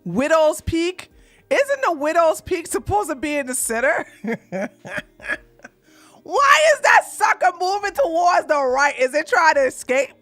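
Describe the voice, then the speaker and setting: A woman streamer reacts live to a clip, mocking it and laughing, now and then breaking into shouts. Her voice sits high and bright, and her pitch swings widely as she goes. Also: sing-song, measured pace, faint music behind.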